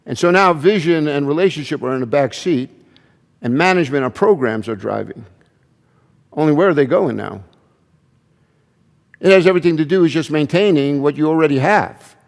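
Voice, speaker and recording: Conversational pastor in a reverberant church. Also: male voice, a little high, moderate pace, creaky, long pauses. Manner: conversational, frequent restarts and asides. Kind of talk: sermon.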